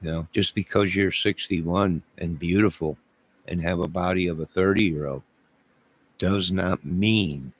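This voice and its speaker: A man's voice: deep voice, a little slow, breathy edge. A man livestreaming, joking with his chat in a mock-indignant way and talking back to viewers.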